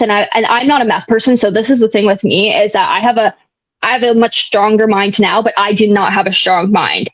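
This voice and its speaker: A woman's voice: medium pitch, no echo. A young woman telling her own story in a casual, candid way, rambling with many fillers and some blunt swearing. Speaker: guest sharing recovery story. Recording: dull, dry lo-fi sound.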